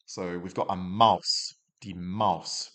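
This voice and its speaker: A man's voice: low voice, steady tone, slow pace, a bit bright. A young man teaching a beginner German lesson in a chatty, self-deprecating way, full of rambling asides. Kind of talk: casual self-recorded language lesson.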